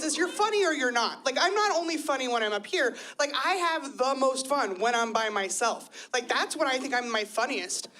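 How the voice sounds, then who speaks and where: A woman in her thirties doing chatty, self-deprecating live stand-up comedy on a club stage. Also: high-pitched. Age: 30s. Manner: chatty, self-deprecating, lively with quoted voices. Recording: live club audio with crowd laughter.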